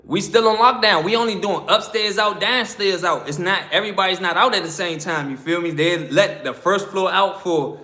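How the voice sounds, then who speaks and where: An American man spins a prison story in loose street slang. His voice sits a little high, and he keeps slipping into the voices of the people he quotes. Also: normal speed, few pauses, pushed and bright. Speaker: prison story channel host. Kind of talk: casual storytelling.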